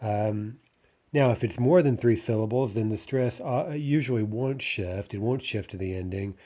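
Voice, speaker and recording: A man's voice: lowish voice, moderate pace, dark tone. A man teaching a recorded language lesson, explaining patiently with frequent "right?" checks and filler sounds. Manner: explanatory, repeats "right?" often, hesitant fillers.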